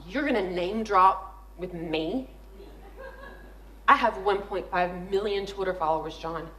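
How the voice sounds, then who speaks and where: A woman's voice: fairly low pitch, a bit bright. A woman speaker at a conference, telling funny, candid stories and acting out the voices she quotes. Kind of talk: storytelling talk on stage. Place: conference hall. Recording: echoey hall.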